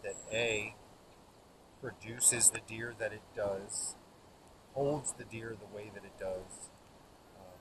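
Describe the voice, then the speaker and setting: A man, host of the show, telling rambling, folksy hunting stories around a campfire outdoors. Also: fairly low pitch. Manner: folksy, rambling, laughs at his own stories. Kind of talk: casual storytelling by a campfire. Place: outdoors by an open fire. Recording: outdoor recording with steady background noise.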